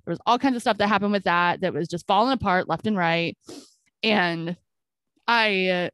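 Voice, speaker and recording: Animated woman telling a story, dry sound. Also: fairly low pitch, moderate pace, no room sound. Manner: animated storytelling, acting out quoted exchanges with frequent "I'm like". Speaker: podcast co-host. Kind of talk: casual chat.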